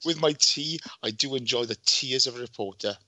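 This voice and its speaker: A man's voice: medium pitch, fairly quick, pushed and bright, dry recording. A man, a podcast guest, joking and teasing in casual chat. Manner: playful, teasing, laughs often.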